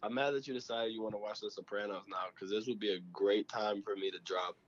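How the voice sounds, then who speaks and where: A young man co-hosting a podcast in casual chat, joking and breaking into loud bursts. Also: fairly low pitch, steady tone, fast. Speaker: podcast co-host. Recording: dull lo-fi mic.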